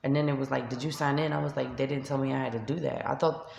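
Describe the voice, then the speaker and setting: A woman's voice: a bass voice, steady tone, quick pace, vocal fry, darkish tone, echoey room, highs cut off, slight background noise. A woman with a New York accent, a shelter resident venting to camera in a vlog, upset and tearful as she retells an argument. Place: shelter room by a street window.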